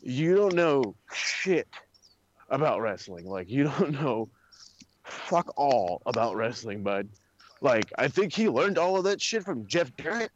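A man's voice: medium pitch, big pitch swings, a little slow, slight background noise. A man co-hosting a wrestling chat, sarcastic and profane, ranting with plenty of swearing. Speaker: wrestling podcast co-host. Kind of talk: casual chat. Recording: dull dry lo-fi.

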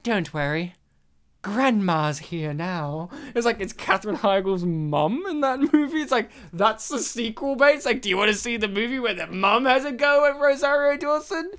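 Woman host, smooth clear voice, chatty and animated, laughs a lot, casual podcast talk. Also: a little high, fairly quick, few pauses. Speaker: podcast host reviewing a movie. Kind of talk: casual chat.

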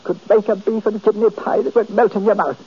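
A whining, self-pitying old miser, played by a man in a 1940s radio play, his voice high and husky. He grumbles querulously, and the old recording sounds dull and lo-fi. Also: fairly even intonation, a little fast. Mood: grumbling. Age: older. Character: miserly old male retired colourman, whining.

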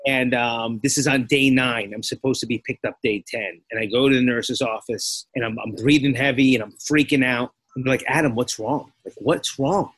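A man, a podcast guest, telling his story in animated conversation and acting out the voices of other people. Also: mid-range voice, normal speed, few pauses, no room sound. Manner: animated, acts out quotes.

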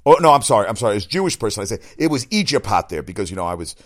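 Podcast host, male, lowish voice, rambling and excitable, swears freely, keeps correcting himself. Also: very fast. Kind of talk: solo sports podcast rant.

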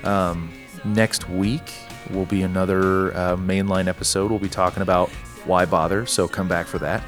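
A man's voice: sits low, level tone, normal speed, soft background music. A man hosting a podcast in casual chat with his co-hosts, playful and joking as he wraps up the episode. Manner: playful, jokey, wraps up the show. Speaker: podcast host.

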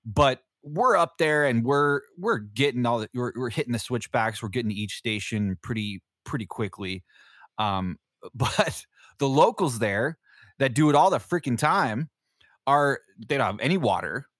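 A man's voice: medium pitch, expressive, moderate pace, fairly bright tone, dry recording, studio quality. A man, a Navy veteran hosting a podcast, telling a story casually with lots of fillers, swearing and laughter. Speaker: podcast host.

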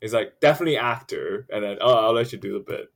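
A young man co-hosting a casual movie podcast, throwing in quick joking asides. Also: lowish voice, little pitch movement, gravelly. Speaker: podcast co-host. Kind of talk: casual chat.

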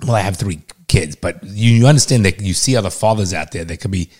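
A man's voice: sits low, quick pace, darkish tone. A middle-aged man hosting a casual family podcast at home, getting emotional and repeating his words as he talks. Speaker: podcast host, father.

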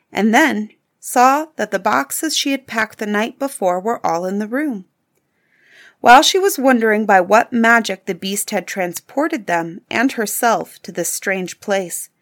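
Brief: female storybook narrator, steady and clear, mid-pitched.

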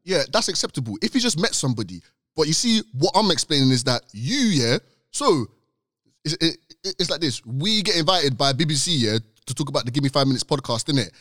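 A fast-talking man makes his case on a podcast, his pitch rising and falling a lot. He is insistent and acts out the people he quotes. The sound is close and dry. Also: very animated, fairly bright tone, no room sound. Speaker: podcast co-host. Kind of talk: casual podcast debate.

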